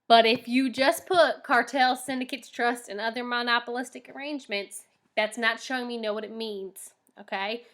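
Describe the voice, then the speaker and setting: Bright-voiced woman teacher explaining patiently. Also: on the high side. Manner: patient and explanatory, often checks in with the class. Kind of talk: recorded lesson, reading documents aloud and explaining questions.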